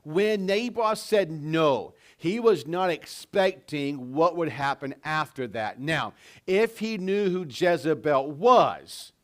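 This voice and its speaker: A pastor delivers his sermon in a church sanctuary, weaving stories together and posing questions to the congregation in a conversational manner. He speaks slowly, his slightly high voice carrying lively intonation.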